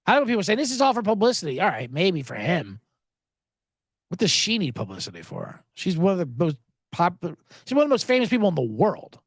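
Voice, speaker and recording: A man's voice: high-pitched, huge pitch swings, fairly quick, dry recording. Sarcastic, profane sports podcast host, man. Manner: profane, sarcastic, shouting mock voices.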